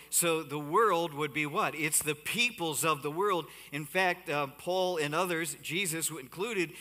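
A man preaching a sermon as pastor on a body mic, animated and given to asides to the congregation. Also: a little high, in a large hall. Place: church sanctuary. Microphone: body-worn mic.

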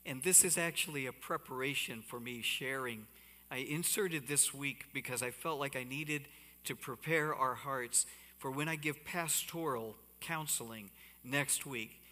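A man preaching a sermon as pastor on a body mic, animated and given to asides to the congregation. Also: medium pitch, unhurried, big-room sound. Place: church sanctuary. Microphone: body-worn mic.

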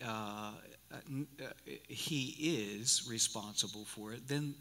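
A man's voice: medium pitch, sharp tone. A man in his sixties preaching a sermon as pastor, folksy and rambling, often restarting his sentences. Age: 60s. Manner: folksy and rambling, with many repeated starts. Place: church sanctuary. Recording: live church recording with long hall reverb.

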